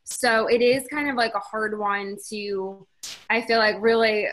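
A woman's voice: fairly high pitch, steady tone, unhurried, fairly bright tone. A woman co-presenting in a casual webinar Q&A, answering with lots of fillers and hedges. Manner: casual, hedging, many fillers. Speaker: co-presenter on child habit therapy.

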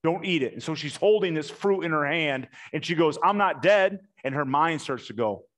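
A man preaching a sermon, telling the story with animated emphasis and slowing down hard on key points. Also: fairly high pitch. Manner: animated storytelling, acts out quotes, emphatic slow punchlines.

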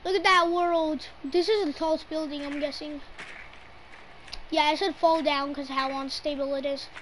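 A woman streaming her gameplay, giving excitable live commentary and teasing her teammates in mock outrage. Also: sits high, moderate pace, slight background noise, poor audio. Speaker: gamer streaming her play.

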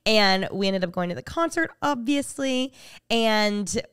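A young woman co-hosting a podcast, telling stories in casual chat with quick asides. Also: mid-range voice, lively intonation, a bit bright, smooth, no room sound, studio quality. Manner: chatty storyteller, quick asides and laughs. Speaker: podcast co-host.

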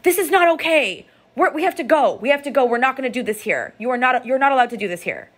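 A woman acting out a stern parent who shames a crying child in a sharp, hurried, scolding way. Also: high voice, expressive, pitched above the performer's own voice.

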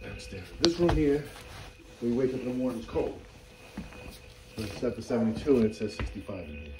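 A man's voice: mid-range voice, expressive. A man, a homeowner rambling about his cold and hot rooms. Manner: rambling, fast talk. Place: inside his house. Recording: noisy home recording.

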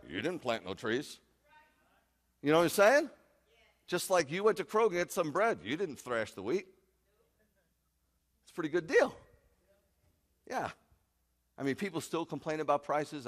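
Animated rabbi preaching with big swings. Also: male voice, mid-range voice, measured pace, pauses often, big-room sound. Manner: animated, emphatic, joking. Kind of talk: sermon. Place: congregation sanctuary.

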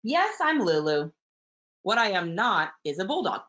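A woman's voice: medium pitch, sing-song, a little slow, voice pushed up. A teacher reading a picture book aloud, voicing a small female bulldog who insists she is a rhinoceros. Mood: proud, dreamy. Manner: bright, proud storybook read-aloud voice. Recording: muffled webinar audio.

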